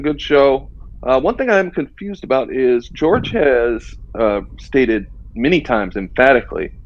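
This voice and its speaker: Measured man on a dull dry call. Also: mid-range voice, dry recording. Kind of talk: casual remarks on a call.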